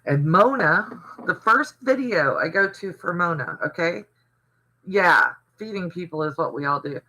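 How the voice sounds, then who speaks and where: Animated but a little slow, an older Southern man speaks in a high-pitched, pushed, bright voice over a rough recording. He runs a relaxed livestream where he tells rambling stories and responds to viewer comments he reads out.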